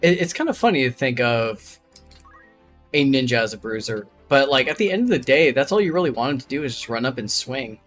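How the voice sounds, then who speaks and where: A man hosting a casual gaming chat, playful and quick to laugh, often stumbling over repeated words. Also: mid-range voice, animated, a bit bright, faint music behind. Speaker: host.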